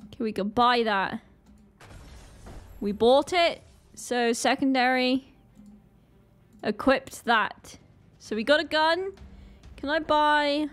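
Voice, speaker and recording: A woman with a Northern Irish accent giving excitable gameplay commentary, full of panicked exclamations. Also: high-pitched, takes it slowly, long pauses, soft background music. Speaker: gaming channel host.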